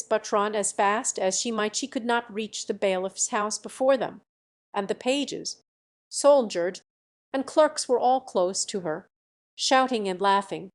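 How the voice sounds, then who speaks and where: A woman reading a classic fairy tale aloud as an audiobook narrator, expressive and lively. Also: medium pitch, measured pace. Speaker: audiobook reader. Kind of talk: storybook narration.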